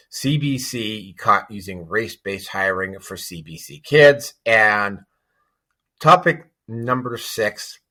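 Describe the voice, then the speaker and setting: A male podcast host talks in a loose, chatty way, full of ums and restarts. His voice sits a little low but sounds bright and forceful. He moves from one topic to the next in a relaxed hangout style. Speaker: show host. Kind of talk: casual podcast run-through of topics.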